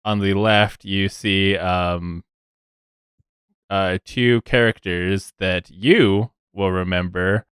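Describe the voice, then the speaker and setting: Man, game master, tabletop game narration, low pitch, dry close sound. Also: fairly even intonation, fairly bright tone, smooth, dry recording. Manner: halting, many fillers and restarts, chuckling.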